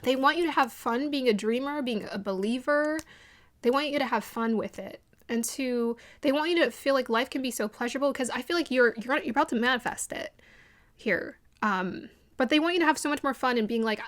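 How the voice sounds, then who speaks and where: An earnest woman giving an intuitive pick-a-card tarot reading, her voice sitting a touch high. She gropes for words with fillers, then repeats key phrases to drive them home. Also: a little fast. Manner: searching, hesitant phrasing with fillers. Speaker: tarot reader.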